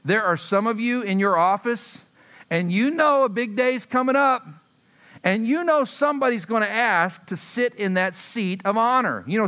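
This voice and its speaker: A man in his thirties preaching a sermon, telling stories and acting out quotes as he speaks to his congregation. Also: sits high. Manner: animated, acts out quotes, asks the audience. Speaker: pastor. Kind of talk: sermon with storytelling.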